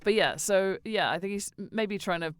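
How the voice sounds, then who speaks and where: A woman's voice: mid-range voice, normal speed, smooth, no room sound, clean studio sound. A woman co-hosting a podcast, talking casually about a horror film, hesitant and fond of saying like. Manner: hesitant, uses "like" a lot, laughs easily. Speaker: podcast co-host.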